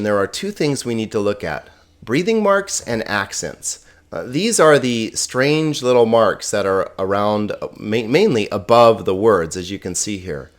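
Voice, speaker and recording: A middle-aged man giving a recorded lesson, explaining slides in a relaxed way with plain words and small jokes. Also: mid-range voice. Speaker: Greek teacher.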